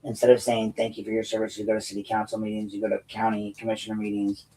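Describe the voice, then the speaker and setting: A man's voice: on the low side, monotone, fast talker, mellow, distant mic, low-quality recording. A man from the United States hosting his own show, ranting bluntly and profanely to viewers with frequent restarts. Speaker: host and political commentator. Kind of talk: unscripted rant to viewers.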